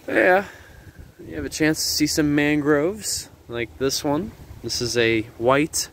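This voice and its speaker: An animated man with a fairly bright tone talks a little slowly, giving a nature vlogger's relaxed, explanatory tour along a river in a windy garden, loose with fillers. The low-quality handheld camera mic picks up wind rumble and noise.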